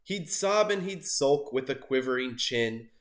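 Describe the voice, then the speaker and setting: A man reading a rhyming picture book aloud with lively expression, jumping into loud character voices. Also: mid-range voice, a little slow. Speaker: storybook reader.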